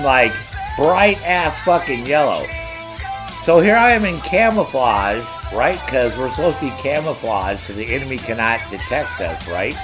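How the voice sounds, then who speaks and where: A man telling profane, loud stories as a streamer, mocking others in high voices. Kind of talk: profane casual storytelling.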